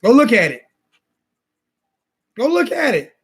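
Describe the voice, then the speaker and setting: A man with a high voice rants fired-up about football, repeating himself and calling people names. He speaks in a casual, heated sports-talk style. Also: wildly swooping pitch, measured pace, slightly rough. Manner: repetitive, insulting, fired-up ranting. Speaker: sports talk show host.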